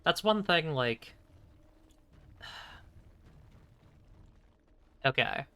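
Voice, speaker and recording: Streaming a game, a young man talks in a casual, rambling way at an extremely slow pace, his fairly high voice animated, smooth and sharp in tone. He hesitates, uses lots of fillers and restarts, and chuckles frequently.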